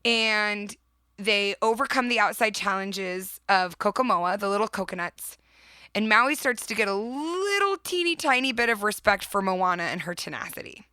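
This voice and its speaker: Bright earnest woman podcast host. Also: medium pitch, clear, resonant tone, no room sound. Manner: earnest, emphatic, often laughing. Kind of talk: motivational podcast talk.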